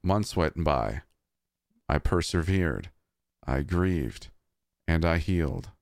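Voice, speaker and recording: A man reading a scripted horror story in a measured, somber way. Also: extremely low pitch, lively intonation, creaky, a little mellow, no echo, studio quality.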